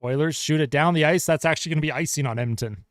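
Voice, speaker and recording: A man calling hockey play-by-play as a fan livestreamer, excitable and chatty with his viewers. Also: fairly high pitch, rapid-fire, no room sound, clean studio sound. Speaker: fan commentator livestreaming a game. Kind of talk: casual play-by-play commentary.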